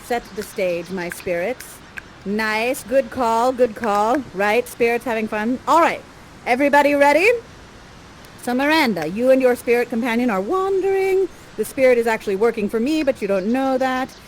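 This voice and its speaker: A playful woman with a slightly high voice leads audience members through a live theater piece. She is theatrical and encouraging, coaxing people into their parts with bright asides. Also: expressive, moderate pace, a little hiss or hum, low-quality recording. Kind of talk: interactive theater narration.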